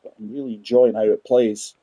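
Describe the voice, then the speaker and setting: A man doing casual gameplay chat, forties, husky, dry close sound. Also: medium pitch, steady tone, fairly quick, warm tone, no room sound. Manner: chatty, rambling, talks to viewers as guys. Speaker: gaming channel host.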